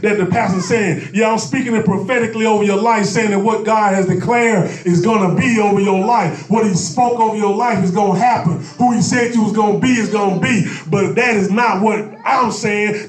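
High-voiced man preaching a fiery sermon. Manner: impassioned preaching with call-and-response and humor; bursts into shouting. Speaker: pastor. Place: church sanctuary with congregation. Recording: echoey room, mic at a distance.

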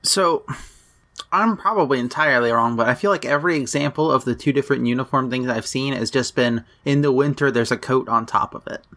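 A woman's voice: rumbling low, a little fast, a bit bright. A woman co-hosting a casual podcast, talking in a dry, hedging, matter-of-fact way. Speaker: podcast co-host. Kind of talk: casual chat recapping an anime episode.

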